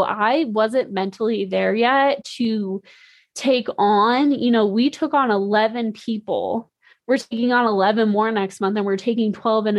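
Young female podcast host, slightly high voice, dry close mic, loose and candid monologue with fillers and swearing. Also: dry recording. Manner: candid, rambling, frequent "like" and swearing. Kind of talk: casual monologue.

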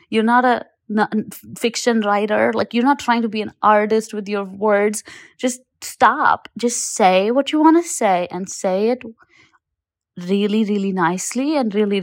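A woman's voice: mid-range voice, no echo. A woman confidence coach giving motivational advice in a podcast voice note, direct and encouraging, repeating her points for emphasis. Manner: encouraging, addresses listener as you. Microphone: recorded as a voice note.

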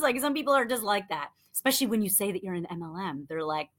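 A woman in her thirties coaching listeners on sales, telling a story in an animated, chatty way full of "like". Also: mid-range voice, fast. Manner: animated, chatty, lots of "like" and acted-out quotes. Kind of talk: motivational storytelling talk.

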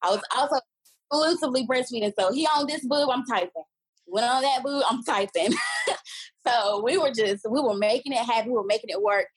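A young woman in her twenties tells her own story on a podcast, candid and animated. Her voice is fairly high and a little husky. She is recorded close up in a dry space. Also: brisk, no room sound, low-quality recording. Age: 20s. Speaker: podcast guest. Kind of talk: casual storytelling.

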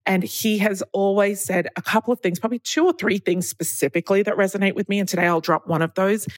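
A woman's voice: mid-range voice, fast talker, no room sound. A woman hosting a solo podcast, talking in a chatty, candid way and acting out the people she quotes. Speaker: podcast host.

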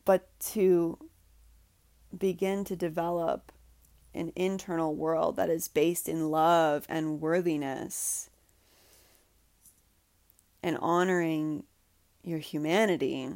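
Female podcast host, earnest and heartfelt, slightly low gravelly voice, dry close sound. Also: steady tone, slow, long pauses, no echo. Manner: earnest, heartfelt, says "like" often; drops to soft, breathy guidance during a breathing exercise. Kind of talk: emotional solo podcast talk.

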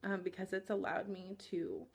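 A woman in her thirties hosts her own podcast, talking in a gentle, candid, reflective way. Her pitch sits at an ordinary middle height for a woman. She pauses often and fills the gaps with soft "um"s. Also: fairly even intonation, vocal fry, husky. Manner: gentle, candid, frequent "um" fillers. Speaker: podcast host, therapist. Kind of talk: reflective personal talk.

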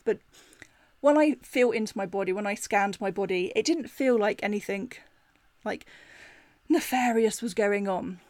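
A middle-aged woman, hosting a personal storytelling podcast in a chatty, animated way, full of "like" fillers. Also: mid-range voice, no room sound. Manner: animated retelling with laughs. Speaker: podcast host.

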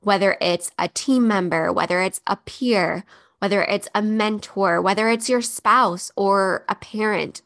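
A woman's voice: medium pitch, fairly bright tone. A woman in her thirties hosting a solo podcast, talking in a heartfelt, emotional way. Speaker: podcast host.

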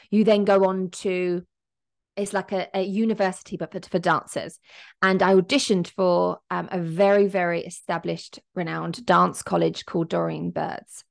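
A young woman tells her own story on her podcast, candid and emotional, acting out what people said. Her voice sits at a middle pitch with a gravelly, fry-edged texture. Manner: candid, emotional, expressive, acts out quotes. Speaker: podcast host. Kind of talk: personal storytelling monologue.

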